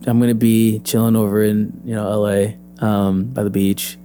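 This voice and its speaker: A young adult man, an actor and PE teacher, telling his story as an interview guest, lively and acting out the voices he quotes. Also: lowish voice, normal speed, slight background noise.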